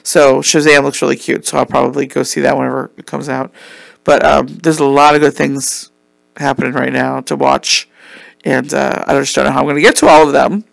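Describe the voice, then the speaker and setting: A man's voice: mid-range voice, level tone, a little fast, vocal fry, dry recording. A man hosting a casual solo podcast, rambling and chatty with lots of ums and some swearing, while losing his voice. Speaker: podcast host.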